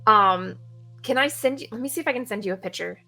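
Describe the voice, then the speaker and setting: A woman's voice: on the high side, fast talker, gravelly, pushed and bright, soft background music. A young woman, a streamer and cosplayer, chatting on a video call and telling rambling stories with lots of giggles. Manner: bubbly, giggly, rambling storyteller. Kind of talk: casual chat.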